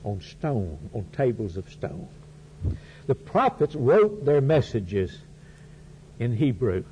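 Slow, dramatic preacher man, muffled recording. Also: medium pitch, mellow. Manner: slow, deliberate preaching with dramatic rises and drops. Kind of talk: sermon. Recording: muffled lo-fi recording with faint hum.

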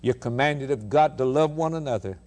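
A male radio preacher delivering an emphatic sermon, firing rhetorical questions and swinging between loud declarations and hushed lines. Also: mid-range voice, normal speed.

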